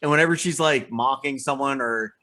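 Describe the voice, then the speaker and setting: A man's voice: mid-range voice, fairly quick, bright, forceful tone. A man co-hosting a podcast in casual chat, often restarting his sentences with stammers and laughing easily. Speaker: podcast co-host.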